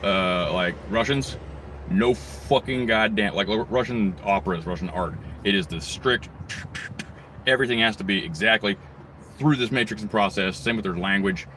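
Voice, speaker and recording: A man's voice: fairly low pitch, normal speed, sharp tone, a little hiss or hum. A man ranting angrily in a crude, rambling monologue, swearing constantly. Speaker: vlogger.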